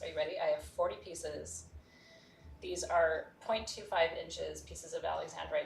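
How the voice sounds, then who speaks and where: A woman's voice: deep voice, gravelly, a little hiss or hum. A woman hosting a live gemstone sales show, talkative and enthusiastic, chatting freely as she sells. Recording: roomy studio sound from a distance.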